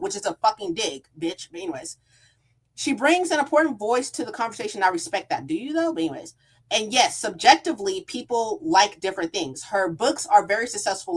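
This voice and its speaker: Her mid-range voice slightly rough, this book vlogger reads comments aloud flatly during a casual storytime rant. Her replies are heated and sarcastic, full of swearing and punctuated by lots of laughter.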